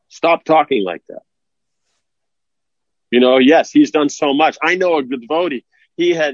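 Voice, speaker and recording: A man preaching a sermon, blunt and scolding, with a stream of rhetorical questions. His voice sits at a middling pitch, recorded dry and a bit dull. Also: no echo. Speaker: spiritual teacher.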